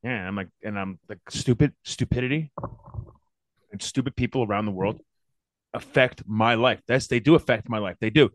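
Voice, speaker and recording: A man's voice: lowish voice, moderate pace, a little hiss or hum. A man co-hosting a podcast, telling a long exasperated story full of swearing. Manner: profane ranting storyteller; animated, exasperated. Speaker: podcast co-host. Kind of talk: casual chat.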